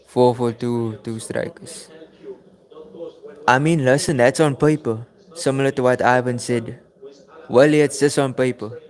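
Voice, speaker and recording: A man's voice: medium pitch, darkish tone. Chatty South African man hosting a livestream. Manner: chatty, addresses viewers by name, repeats phrases. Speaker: livestream watchalong host. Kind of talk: casual livestream chat reading chat messages.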